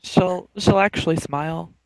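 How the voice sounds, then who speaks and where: A man calmly narrating his character's actions in a spoken role-play. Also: fairly high pitch, moderate pace, vocal fry, dry recording, low-quality recording.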